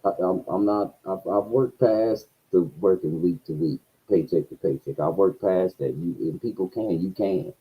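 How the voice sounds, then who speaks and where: Man, casual storyteller on a livestream, husky, profane, dull lo-fi audio. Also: moderate pace, hardly any pauses. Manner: profane, swings between low mutters and loud outbursts. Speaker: streamer.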